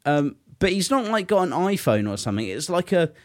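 A man's voice: a little high, sing-song, fairly quick. A young man co-hosting a podcast, telling a long, rambling anecdote full of fillers and swearing. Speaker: podcast co-host. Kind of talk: casual chat.

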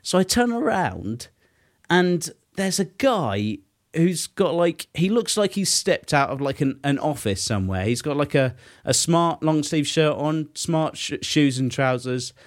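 A man's voice: a little high, very animated, unhurried. A young man co-hosting a podcast, telling a long, rambling anecdote full of fillers and swearing. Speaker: podcast co-host. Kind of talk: casual chat.

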